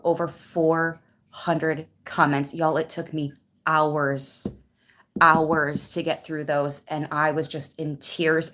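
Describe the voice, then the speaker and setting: Hosting her tarot channel on a livestream, a woman chats casually while close to tears, emotional and grateful as she greets viewers by name. Her voice is deep with a slightly bright tone.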